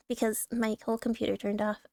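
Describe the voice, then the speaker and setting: A woman streaming casual commentary on online posts, talking bluntly with swearing, frequent throat clearing and lots of laughter. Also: fairly high pitch, fairly even intonation, normal speed, mellow, dry recording, clean studio sound.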